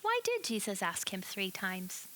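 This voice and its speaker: Bright, animated woman telling kids' Bible story. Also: mid-range voice, unhurried, rough recording. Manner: animated, asks the children questions. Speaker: children's Bible teacher.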